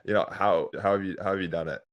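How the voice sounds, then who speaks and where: A man with a low voice hosts a relaxed interview. He asks long, winding questions and circles back over his own words before he lands them. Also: fast, dull audio. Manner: rambling questions, repeats words. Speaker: podcast host. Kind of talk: casual interview talk.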